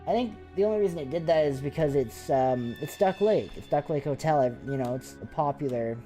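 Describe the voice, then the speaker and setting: Guy chatting about ghosts, mellow tone, rambly and excited, faint music behind. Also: a little high, fairly quick. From Canada. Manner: rambling, excitable storytelling with many fillers. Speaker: paranormal investigator, channel host. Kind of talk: casual live chat.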